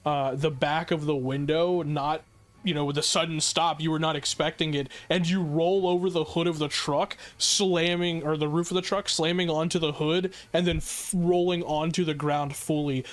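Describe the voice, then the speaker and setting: A man's voice: fairly high pitch, fairly even intonation, normal speed. A man running a tabletop horror game as game master, narrating vividly with many fillers.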